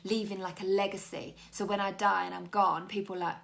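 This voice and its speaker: British woman, young, life coach, candid motivational chat, gravelly edge, mid pitch. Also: flat delivery, fairly quick, fairly bright tone. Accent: British English. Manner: candid and chatty, addressing viewers as ladies. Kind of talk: motivational talk to camera.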